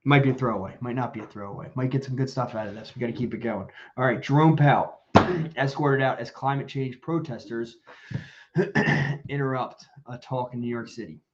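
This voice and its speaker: A man chatting bluntly on a live podcast, swearing freely and rambling through his thoughts. His voice sits at an ordinary pitch. The remote audio comes through a little muffled. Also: fairly quick. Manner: blunt, profane, rambling with fillers. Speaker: podcast co-host. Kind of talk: casual live-stream chat.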